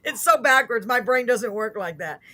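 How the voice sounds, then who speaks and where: A woman's voice: on the high side, lively intonation, normal speed, bright, forceful tone. A woman hosting a live online show over a video call, chatty and effusive. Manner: chatty and effusive, laughs often. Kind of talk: casual live-stream chat.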